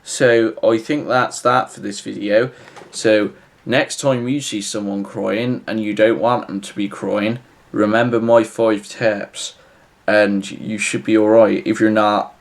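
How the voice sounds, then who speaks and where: Rambling man, deadpan vlog. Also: fairly low pitch, gravelly. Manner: rambling, halting, filler-heavy; flat, matter-of-fact. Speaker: vlogger. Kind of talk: deadpan comic advice vlog.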